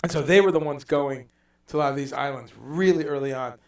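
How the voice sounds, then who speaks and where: A man hosting a casual livestream chat, telling stories in a rambling, animated way and dropping in profanity. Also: fairly high pitch, a little fast, echoey room, far from the mic. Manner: rambling, animated storytelling with mock accents and profanity. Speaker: livestream host.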